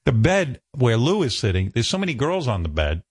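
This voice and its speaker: A man's voice: mid-range voice, wildly swooping pitch, fairly quick, slightly rough, no echo. A man telling stories from his own life in a casual, self-mocking way, acting out other people's lines. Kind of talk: casual storytelling chat.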